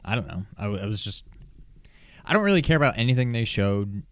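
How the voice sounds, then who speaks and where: A man co-hosting a casual podcast, low-key and shrugging, trailing off quietly at the ends of his thoughts. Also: very animated, fast talker, dry recording. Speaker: podcast co-host. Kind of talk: casual chat.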